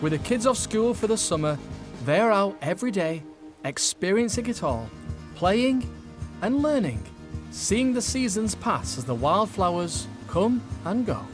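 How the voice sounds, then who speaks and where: Lively northern narrator over music. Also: male voice, high voice, a little slow. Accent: Oldham, northern English. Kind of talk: scripted documentary narration. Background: background music.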